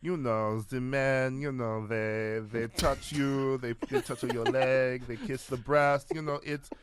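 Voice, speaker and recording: A man's voice: mid-range voice, fairly even intonation, slow, background noise, natural voice. A man doing a languid older French actress. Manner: exaggerated French accent, breathy and languid.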